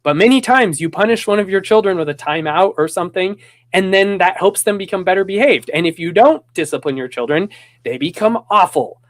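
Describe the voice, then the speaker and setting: High-voiced man, animated storyteller. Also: fairly quick. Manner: rambling with restarts. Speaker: podcast host. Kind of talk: casual conversation.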